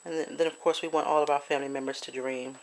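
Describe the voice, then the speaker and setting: Chatty woman with a low voice, showing crafts. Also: little pitch movement, very fast. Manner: chatty, hesitant, with many fillers and restarts; gets emotional and apologetic. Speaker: crafter showing a swap project. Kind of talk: casual show-and-tell craft video.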